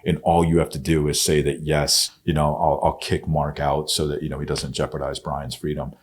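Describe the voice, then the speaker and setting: Very deep-voiced man telling his story bluntly. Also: level tone, normal speed, a little hiss or hum. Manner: blunt and profane, often swearing; turns soft and hushed when quoting himself. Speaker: podcast guest. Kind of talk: candid personal storytelling.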